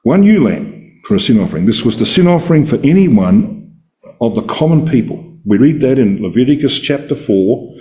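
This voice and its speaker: A man giving an expository Bible talk, emphatic and full of rhetorical questions. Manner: emphatic, rhetorical questions, lively swings in pitch. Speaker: Bible study speaker.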